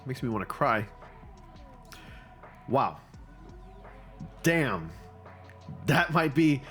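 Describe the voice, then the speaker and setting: A man hosting his channel, giving casual, excitable commentary with gushing reactions and frequent fillers. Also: mid-range voice, slow, pauses often, soft background music. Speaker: channel host reviewing fan photo submissions.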